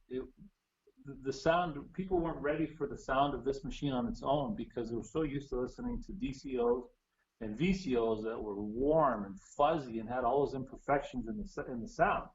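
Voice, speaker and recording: A man's voice: medium pitch, highs cut off. A man in casual chat, explaining old music gear in a chatty way with restarts, heard over a call. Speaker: guest musician. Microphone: phone or video call.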